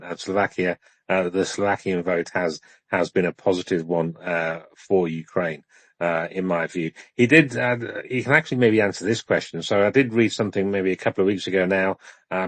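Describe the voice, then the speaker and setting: A British man co-hosts an online audio discussion, talking in a loose, hedging and self-deprecating way. His voice is low-pitched, and the recording sounds close and dry with no room echo. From United Kingdom. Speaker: co-host.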